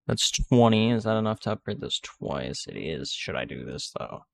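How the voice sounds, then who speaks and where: Lively gravelly man talking through gameplay. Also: a bass voice, normal speed. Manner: rambling, restarts sentences, many fillers. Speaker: gaming video creator. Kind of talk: casual gameplay commentary.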